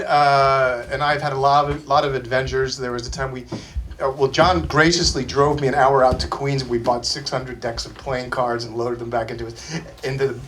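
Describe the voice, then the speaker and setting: A man's voice: mid-range voice, a bit bright, a little hiss or hum. A man telling rambling anecdotes from a small club stage, hesitant and full of ums and restarts. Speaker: performer telling stories on stage.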